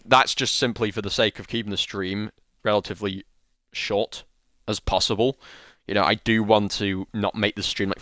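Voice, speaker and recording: A young man with a fairly low, pushed, bright voice chats casually with viewers while streaming a shooter game, with no room sound. He's a gaming streamer who rambles and makes self-deprecating jokes in his live commentary.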